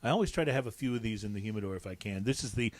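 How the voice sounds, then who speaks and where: A man hosting a casual podcast, relaxed and enthusiastic as he talks about cigars and spirits. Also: on the low side, very fast, no echo. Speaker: podcast host. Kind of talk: casual tasting talk.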